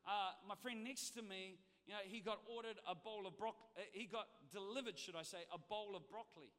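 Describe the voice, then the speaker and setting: A man preaching a sermon to a congregation, swinging between shouted exhortation and chatty, humorous storytelling. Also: high voice, a little fast. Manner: humorous, conversational asides to the congregation. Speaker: pastor. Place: church hall. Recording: long reverb of a large hall.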